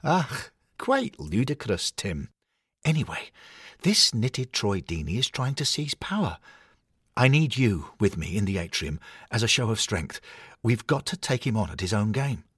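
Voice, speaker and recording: A man's voice: lowish voice, sing-song, measured pace, a bit bright, slightly rough, no room sound, studio quality, pitched above the performer's own voice, exaggerated voice. A man voicing an anxious male cuddly hornet mascot toy who pleads and grumbles. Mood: worried. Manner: fretful, pleading, exasperated.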